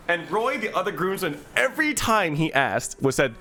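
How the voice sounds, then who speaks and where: A man's voice: high-pitched, normal speed, faint music behind. A young man, a streamer, casually telling a story to his viewers, swearing freely and breaking into laughs and yelps. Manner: animated, profane, laughs and yelps in excitement.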